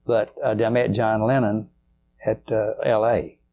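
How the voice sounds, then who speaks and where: Unhurried and dark-toned, this older man's fairly low voice barely shifts in pitch. As a guitarist being interviewed, he tells meandering, folksy stories loaded with fillers.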